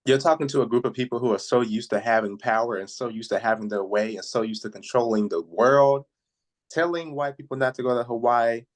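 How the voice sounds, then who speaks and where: A man co-hosting a casual podcast, sassy and sarcastic as he chats. His voice has a middle pitch for a man. He talks in a relaxed, conversational way. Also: a little fast. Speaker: podcast co-host.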